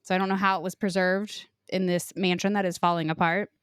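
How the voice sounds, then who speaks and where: A woman's voice: lowish voice, flat delivery, fairly quick, smooth, dry recording, studio quality. A woman co-hosting a casual book podcast, loosely retelling a plot with frequent "like" fillers and casual swearing. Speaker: podcast co-host.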